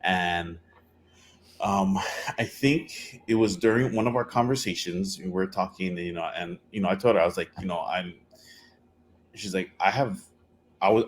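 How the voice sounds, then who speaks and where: Brief: middle-aged man, low voice, rambling casual podcast storyteller, faint hiss behind. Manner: rambling, many fillers and restarts. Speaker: podcast co-host.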